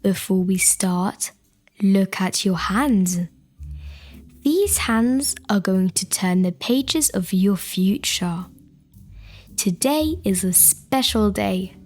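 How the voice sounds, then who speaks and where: A woman leading a guided reading lesson for young children, speaking straight to the child with steady encouragement and affirmations. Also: medium pitch, slow, soft background music.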